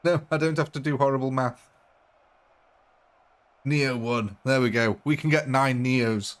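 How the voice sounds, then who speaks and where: A man's voice: medium pitch, unhurried. A man chatting casually while live-streaming a game late at night, chuckling often. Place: home at night.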